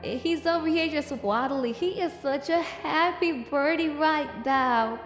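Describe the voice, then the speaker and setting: A woman with a high, bright voice chats through a comic recap in an animated, sassy way, teasing the characters as she goes. Her voice rings in an echoey room with a long reverb tail, and faint music sits underneath. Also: unhurried, dull audio. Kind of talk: casual comic review commentary.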